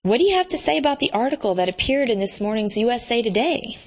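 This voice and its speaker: A man's voice: very high voice, very animated, fast talker, heavily acted. A woman reading aloud voices a male morning-show interviewer who asks a pointed question. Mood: probing.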